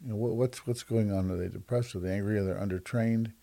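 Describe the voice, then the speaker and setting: A man giving a reflective monologue who stops and restarts often and repeats words, slowing down to stress soft points. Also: lowish voice, steady tone, creaky. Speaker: speaker on self-judgment and kindness.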